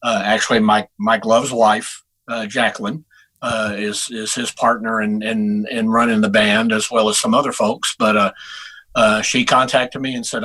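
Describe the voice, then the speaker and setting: A middle-aged man from Texas chats easily as a guest musician, circling back and restarting his sentences as the stories come. His voice has a bright, forward ring. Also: lowish voice, normal speed, rough recording. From Houston, Texas. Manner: relaxed storyteller with frequent restarts. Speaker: guest saxophonist. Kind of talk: casual interview chat.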